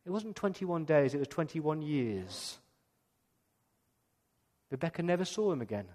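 Brief: male pastor, animated storyteller, slightly high voice, long church reverb. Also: a little slow. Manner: lively storytelling, acting out scenes. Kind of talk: sermon.

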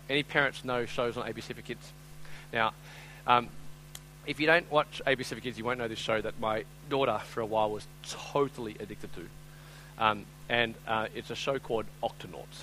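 A man preaching a live sermon, moving between loud, urgent appeals and quiet, chatty storytelling full of fillers. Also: medium pitch, slight background noise, poor audio. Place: speaking before a live audience.

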